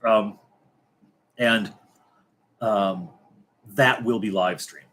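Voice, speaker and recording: A middle-aged man with a fairly low voice, hosting a relaxed late-night livestream. He rambles and hesitates, restarting sentences and filling pauses, and slips in dry, wry jokes along the way. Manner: rambling and halting, many fillers and restarts; wry, joking asides. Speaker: livestream host.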